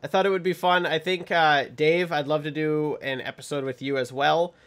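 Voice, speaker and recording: A man's voice: fairly high pitch, steady tone, normal speed, fairly bright tone, clear, resonant tone. Rambling, chatty podcast host man. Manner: rambling, many ums, laughs while telling stories. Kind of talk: casual chat.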